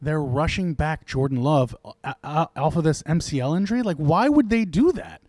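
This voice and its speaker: Lively, high-voiced man arguing sports. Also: normal speed, no room sound. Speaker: podcast co-host. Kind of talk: casual sports chat.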